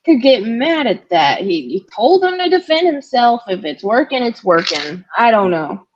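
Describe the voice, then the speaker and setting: A woman's voice: on the high side, big pitch swings, normal speed, muffled recording, noisy background. A woman guest in a casual chat, playful and blunt, joking along with the host.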